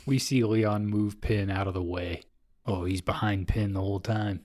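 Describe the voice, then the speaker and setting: A man's voice: lowish voice, fairly even intonation, moderate pace, a little mellow, no echo, clean studio sound. A man on a podcast casually retelling a film's plot, laid-back and swearing freely. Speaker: podcast host recapping a film. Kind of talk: casual chat.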